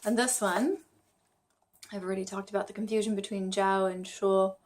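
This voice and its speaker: A woman's voice: mid-range voice, steady tone, moderate pace, a little hiss or hum. A woman vlogging about her study habits, chatty and self-deprecating, thinking aloud as she goes. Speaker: vlogger learning Chinese. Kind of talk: casual vlog talk to camera.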